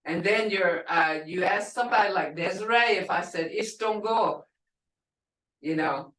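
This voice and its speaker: A middle-aged woman teaching a language class online, explaining slowly and repeating words for her learners. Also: on the low side, fairly bright tone. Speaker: language instructor. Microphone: video call. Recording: roomy and distant video call audio.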